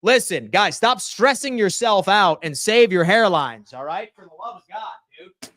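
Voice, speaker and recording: High-pitched and animated at a moderate pace, this young sports streamer reads his chat out loud and rants at viewers with rowdy teasing and frequent swearing. He flips from loud outbursts to quiet asides, and the recording is dry.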